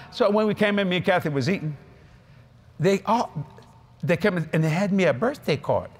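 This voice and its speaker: A man preaching at a convention, telling folksy stories in an animated way with frequent laughs. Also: high voice, husky. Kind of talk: storytelling sermon to a live audience. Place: convention stage.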